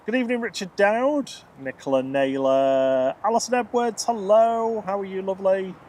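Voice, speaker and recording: Man, live stream host, cheerful, high-pitched, outdoors, faint noise. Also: normal speed, darkish tone. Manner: upbeat, greets chat viewers by name. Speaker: livestream host. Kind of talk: live plane spotting stream chat. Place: outdoors at an airport.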